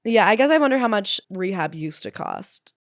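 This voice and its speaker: A woman co-hosting a casual book-club podcast, jokey and animated, reading quotes aloud. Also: medium pitch, moderate pace, no echo, clean studio sound. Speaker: podcast co-host.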